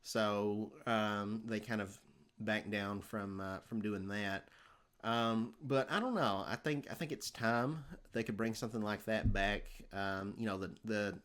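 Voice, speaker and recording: A man's voice: on the low side, a little slow, a bit bright. A young man, talking casually on a podcast with lots of ums and restarts. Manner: rambling, many fillers and restarts. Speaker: podcast host.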